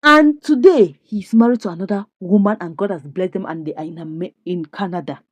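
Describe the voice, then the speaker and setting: Animated woman recapping a drama. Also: mid-range voice, brisk, no echo. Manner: indignant, expressive, rhetorical questions. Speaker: series reviewer.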